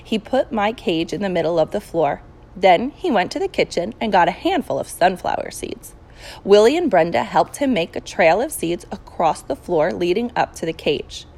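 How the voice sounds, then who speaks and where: A woman reading a children's novel aloud, her voice rising and falling with a lively, animated lilt. There is a gravelly fry at the ends of her phrases. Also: on the low side, moderate pace, low-quality recording. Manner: expressive storytelling. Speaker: audiobook narrator. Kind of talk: children's audiobook narration.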